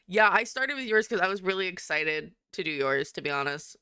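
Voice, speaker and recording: A woman's voice: medium pitch, a little fast, sharp tone, smooth, no room sound. A young woman artist chatting casually and giggling while she draws live on stream. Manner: chatty and giggly, rambling with frequent laughs. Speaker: artist livestreamer.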